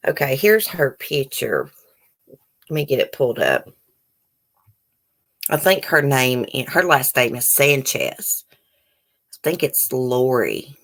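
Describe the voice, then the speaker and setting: A woman hosts a live stream in an extremely low, sing-song voice that is a bit bright, taking her time with long pauses. She reads news articles aloud, breaking off into heated, indignant commentary and casual, rambling chat aimed directly at her viewers.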